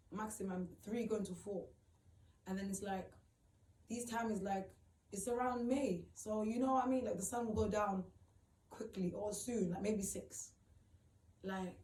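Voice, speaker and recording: A woman tells her own story in a halting, emotional way, often repeating herself and filling gaps with "like". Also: mid-range voice, warm tone. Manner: halting, repeats phrases, many fillers. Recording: roomy, distant mic, faint background noise.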